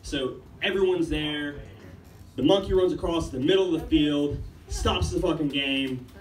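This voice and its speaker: A young Ethiopian man with a fairly high, unhurried voice does a rambling, laid-back stand-up set full of swearing at an open-mic comedy room. A distant room mic captures it, sounding roomy with faint background noise.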